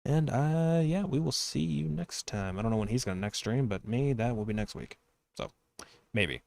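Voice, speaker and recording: A man's voice: medium pitch, moderate pace, vocal fry, darkish tone. A young man hosting a casual podcast, rambling and self-deprecating, with a slight lisp. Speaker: podcast host and streamer.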